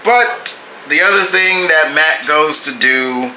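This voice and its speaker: A man casually reviewing comic books, halting and often restarting his phrases. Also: on the high side, echoey room, background noise.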